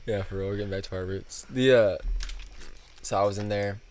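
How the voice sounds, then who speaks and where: A man's voice: fairly low pitch, steady tone, a little fast, darkish tone. A man co-hosting a podcast, telling everyday work stories in casual chat and chuckling as he goes. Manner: chuckling anecdotal storytelling. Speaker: podcast co-host.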